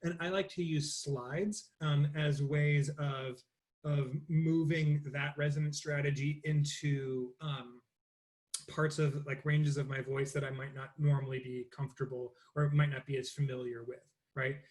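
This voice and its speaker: A young man leads a voice lesson, explaining resonance in loose, halting bursts and breaking into sung exercises. His speaking voice sits a little high for a man. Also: flat delivery, a little mellow. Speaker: voice teacher. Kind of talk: interactive online voice lesson.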